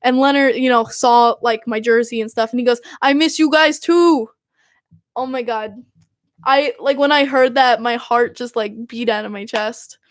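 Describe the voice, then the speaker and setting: A young woman talks casually on her podcast, gushing with excitement and packing her sentences with fillers. Her voice sits a little high. The recording is dry and close, with no room sound. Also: moderate pace, dry recording. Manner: gushing, excitable fan talk with many fillers. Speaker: podcast host. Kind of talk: casual chat.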